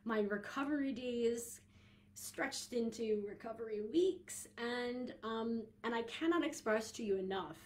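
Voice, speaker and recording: A woman's voice: fairly high pitch, a little slow. A young woman hosting a podcast, talking casually and chattily with frequent giggles, fillers and restarts. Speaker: podcast host and coach.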